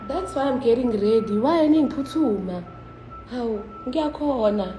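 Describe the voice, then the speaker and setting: A woman's voice: a little high, animated, normal speed, warm tone, echoey room, faint music behind, low-quality recording. A South African woman chatting casually on a phone livestream, switching between languages and swearing freely.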